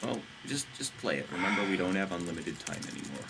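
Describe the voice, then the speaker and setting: A man co-hosting a casual radio show, wry and unhurried, reading comments aloud. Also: low-pitched, expressive, vocal fry, very noisy. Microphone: studio mic.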